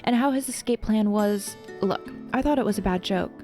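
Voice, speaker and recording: A woman's voice: medium pitch, moderate pace, a little mellow, faint music behind, lightly acted. A woman voicing a shrewd, cheerful tiefling tavern keeper who talks in a gossipy, chatty way.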